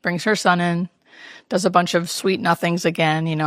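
Hospice nurse guest, woman, low-ish pitch, vivid storyteller, dry booth sound. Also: moderate pace, no room sound. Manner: animated storyteller who acts out quoted speech. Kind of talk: interview storytelling.

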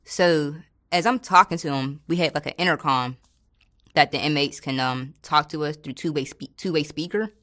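A woman with a notably low, deep voice speaks in a relaxed, colloquial way. She tells a story from her work as a corrections officer and slips into the voices of the people she quotes. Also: moderate pace. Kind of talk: casual storytelling in an interview.

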